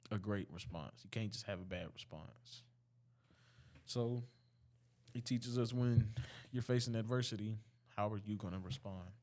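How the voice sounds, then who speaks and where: With a darkish tone, this young man in his late teens, a high school student, casually recounts a story, relaxed and often restarting or using fillers.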